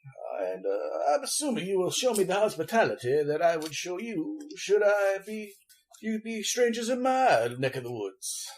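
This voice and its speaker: A man playing a wordy, evasive Southern gentleman lawyer, flowery and polite, halting with many restarts. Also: sits high, very animated. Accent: American Southern. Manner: florid, overly polite.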